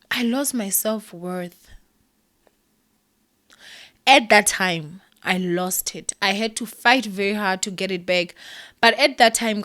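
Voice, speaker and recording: A woman's voice: medium pitch, fairly bright tone. A young woman talking candidly to her viewers, heartfelt and close to tears, with many ums and likes. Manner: emotional, heartfelt, near tears, with many fillers. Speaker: vlogger. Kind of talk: candid vlog talk to camera.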